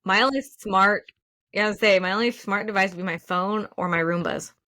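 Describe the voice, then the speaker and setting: A woman's voice: mid-range voice, fairly quick, pushed and bright, no echo. A woman co-hosting a podcast in casual chat, talking loosely with lots of fillers and laughing easily. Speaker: podcast co-host.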